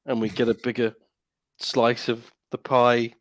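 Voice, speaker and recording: A man's voice: medium pitch, little pitch movement, measured pace, a bit bright, no echo. Casual male podcast co-host, jokey and rambling, dead-dry booth sound. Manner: rambling, jokey, full of fillers and restarts.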